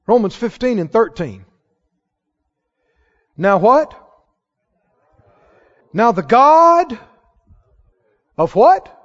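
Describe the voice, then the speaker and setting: Man preaching, high pitch, long hall reverb, dull lo-fi sound, shouting call-and-response. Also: big pitch swings, very slow, pauses often. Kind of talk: sermon.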